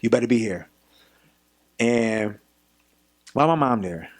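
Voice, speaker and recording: Young adult man from Philadelphia, podcast guest; animated storyteller who jumps into the voices of the people he quotes, middle pitch. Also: takes it slowly. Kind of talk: casual storytelling.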